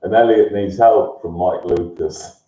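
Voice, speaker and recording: A man hosting a live stream, rambling as he reads viewers' messages and breaking into loud, sweary rants. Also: low-pitched, slow. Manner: swings into loud swearing rants, laughs a lot. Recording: roomy, distant, dull lo-fi sound.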